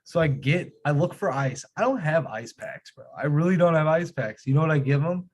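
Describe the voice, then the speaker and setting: A man in his thirties with a slightly high voice hosts a casual live stream chat. He tells stories in an animated way and swears freely. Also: fairly quick, slightly rough. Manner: animated, profane storytelling.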